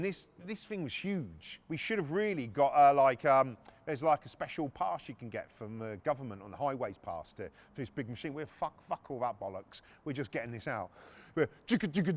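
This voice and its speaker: A middle-aged man, hosting a podcast and telling a story in a casual, profane, animated way, acting out shouting people and machine noises. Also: fairly high pitch. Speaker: podcast host.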